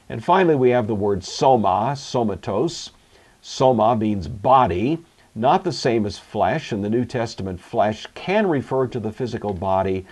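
A man teaching a recorded Greek grammar lecture, measured and explanatory, with occasional fillers. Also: fairly low pitch, darkish tone, breathy edge.

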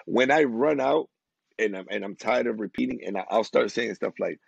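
Low husky man, rambling guest. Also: moderate pace, no echo. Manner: rambling, many restarts and fillers. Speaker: podcast guest. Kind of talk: casual chat. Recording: dry, muffled lo-fi sound.

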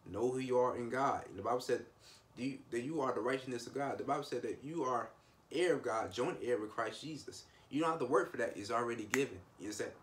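A man's voice: mid-range voice, fast talker. A man preaching an informal devotional sermon, emphatic and repetitive, often restarting his sentences.

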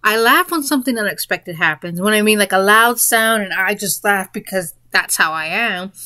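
A woman's voice: medium pitch, moderate pace, sharp tone, no echo. A woman in a casual spoken monologue, rambling a little and breaking into giggles mid-sentence. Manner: rambling, with fillers and restarts. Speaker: vlogger.

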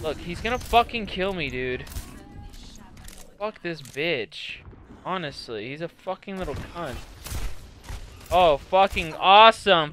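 A young man raging and swearing through live gameplay commentary, yelling at opponents. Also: high-pitched, expressive, unhurried, slight background noise. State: angry and agitated. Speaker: gaming streamer.

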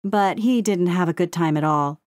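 A woman's voice: fairly low pitch, moderate pace, darkish tone, no room sound, clean studio sound, natural voice. A woman voicing a fussy male crow who reads out the news in a sing-song, clipped delivery. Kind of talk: audiobook character voice.

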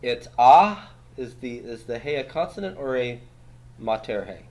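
A male teacher lectures on grammar in a mid-range, expressive voice at normal speed. Patiently working through the rules on a board, he quizzes his students and keeps adding "right?" to his points.

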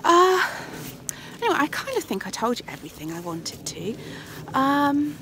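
Against a noisy background, a woman from England with a high, sing-song voice talks at normal speed into her phone at arm's length. The podcast host is out of breath as she walks outdoors and later chats at home, speaking freely and often dropping to a whisper.

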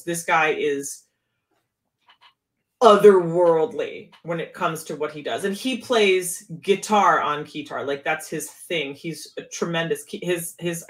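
A woman keytar player in casual chat, talking with animated, swooping emphasis. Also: fairly low pitch.

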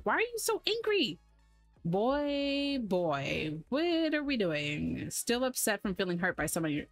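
Woman gamer host, mid pitch, close and dry, faint music behind; chatty, sarcastic running commentary. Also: fairly bright tone, no room sound. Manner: chatty, sarcastic, easily exasperated. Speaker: gaming channel host. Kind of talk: casual gameplay commentary.

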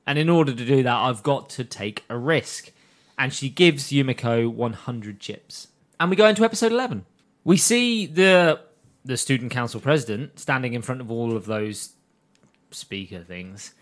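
A man's voice: mid-range voice, expressive, moderate pace. A man co-hosting a casual podcast, recapping episodes and laughing often. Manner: laughs often, recaps scenes with quoted lines. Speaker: podcast co-host recapping an anime.

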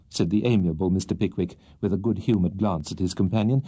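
A man narrating a classic novel for a children's audiobook in an expressive, lilting storytelling manner. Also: sits low, quick pace, few pauses, breathy edge, no echo. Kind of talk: classic novel read aloud.

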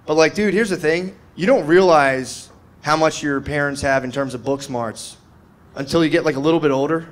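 A man's voice: fairly high pitch, normal speed. A man, telling stand-up stories in a laid-back way, full of "dude" and "man", acting out the people in them. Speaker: stand-up comedian. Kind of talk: stand-up storytelling. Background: audience laughter.

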